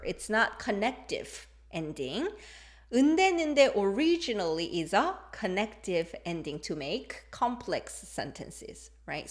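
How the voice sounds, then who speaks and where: A woman teaching a live-streamed lesson, her pitch bouncing up and down as she explains. She talks in a playful, expressive way and exaggerates her examples to make each point land. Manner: demonstrates intonation with exaggerated examples. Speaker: language teacher.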